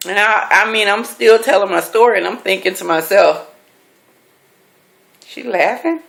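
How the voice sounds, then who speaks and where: A middle-aged woman, a life coach, telling a personal story with animated, emphatic delivery, repeating key phrases for effect. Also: medium pitch, brisk, gravelly. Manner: animated, acts out quoted voices; emphatic repetition.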